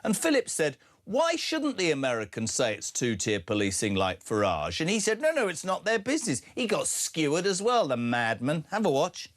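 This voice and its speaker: A man's voice: mid-range voice, huge pitch swings, normal speed, hardly any pauses. An older man hosting a breakfast radio talk show, blunt and sardonic, with frequent fillers. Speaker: radio host.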